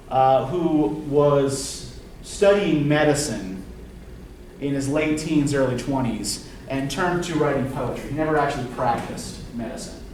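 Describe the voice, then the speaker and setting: A man's voice: fairly high pitch, slight background noise. A man lecturing a class on literature, talking conversationally with many fillers and tag questions. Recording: echoey classroom, mic far off.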